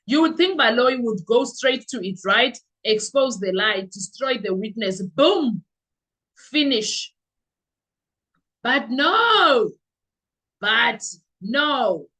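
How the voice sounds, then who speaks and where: A woman with a South African accent hosting a podcast, giving animated, sarcastic commentary full of rhetorical questions. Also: a little high, unhurried, husky, low-quality recording. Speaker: podcast host. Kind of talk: opinionated commentary.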